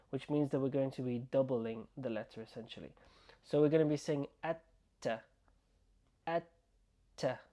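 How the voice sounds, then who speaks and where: A man teaching an online language lesson, slowly repeating words and sounds for the learner to copy. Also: medium pitch, warm tone. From United Kingdom. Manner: slow, repeating words and sounds to drill pronunciation. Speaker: Arabic teacher.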